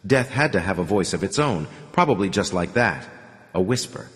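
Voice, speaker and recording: Brief: somber male audiobook reader; low, measured, echoing. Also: lively intonation, a bit bright. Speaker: audiobook narrator. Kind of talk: scripted narration. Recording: long reverb.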